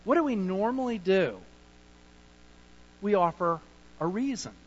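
A man preaching slowly and deliberately, his voice sitting a little high for a man. He drives his points hard, then drops to quiet asides. The recording is dull and muffled, with a faint hum behind it. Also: expressive. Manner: emphatic, swings between loud points and quiet asides; acts out sheepish excuses in a low mutter. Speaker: pastor. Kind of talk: sermon.

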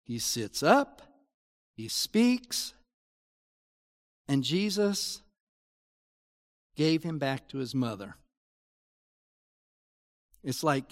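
A man's voice: mid-range voice, sing-song, drawn-out words, long pauses, in a large hall. A man preaching a sermon in an earnest, explanatory way that swells into emphatic, rising passages. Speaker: pastor.

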